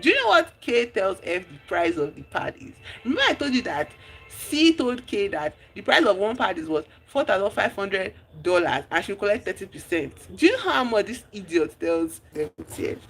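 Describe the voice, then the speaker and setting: A streamer, recapping a movie in casual chat, telling the story with lively exclamations and acting out the characters' lines. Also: medium pitch, moderate pace, gravelly, soft background music. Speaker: livestream host.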